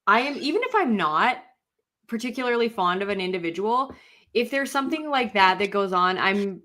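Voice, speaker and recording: Young female co-host, relaxed reflective chatter, medium voice. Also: mid-range voice, normal speed. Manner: reflective, talks things through with many fillers. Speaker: podcast co-host. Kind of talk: casual chat.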